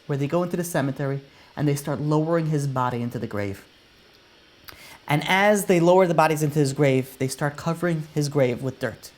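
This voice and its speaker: Man telling a sermon story. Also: a little high. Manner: animated storyteller, swells and drops his voice. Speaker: rabbi.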